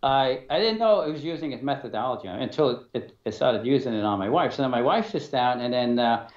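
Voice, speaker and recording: A man's voice: mid-range voice, expressive. Hesitant man telling an eerie story. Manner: halting, many fillers and restarts, acts out dialogue. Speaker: interview guest. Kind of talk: telling a personal story in an interview. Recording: dull, roomy sound.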